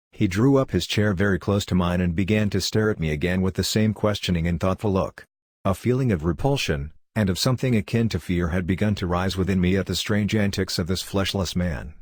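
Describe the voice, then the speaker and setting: Low-voiced guy reading an audiobook, dry close sound, steady pace. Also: brisk, dry recording. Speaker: audiobook reader. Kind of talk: first-person scripted narration.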